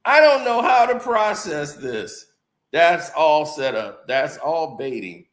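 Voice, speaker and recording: A man's voice: a little high, very animated, slow pace, echoey room. A man streaming casual reaction commentary on news, laughing often and joking as he talks.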